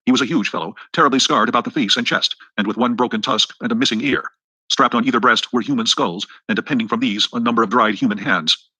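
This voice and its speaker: Male audiobook narrator, fast and husky, brisk even storytelling. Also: medium pitch, no room sound, poor audio. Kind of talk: scripted narration.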